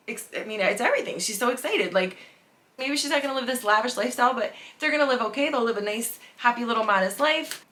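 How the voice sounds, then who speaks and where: A woman hosting a podcast who tells a true story in a casual, animated way, swears often and acts out the people in it. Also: fairly high pitch. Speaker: podcast host.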